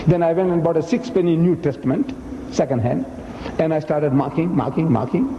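A man giving a lecture, telling a story with lively acted-out dialogue. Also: a little high, a little fast, reverberant, long reverb tail, muffled recording, slight background noise. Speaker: speaker.

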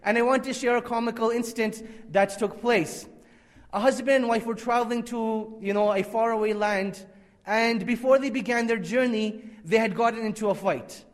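High-voiced man lecturing in a reverberant hall. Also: fairly even intonation, normal speed. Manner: emphatic, repeats key phrases for effect; sprinkles Arabic religious phrases. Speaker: Islamic lecturer. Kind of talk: conference lecture.

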